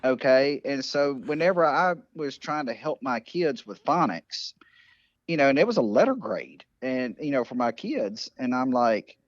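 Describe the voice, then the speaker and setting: A man's voice: mid-range voice, sing-song, measured pace, dry recording, muffled recording. A man with a Southern Louisiana accent, a podcast guest telling stories in casual chat with a folksy, filler-heavy manner. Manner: folksy storyteller, many "you know" fillers.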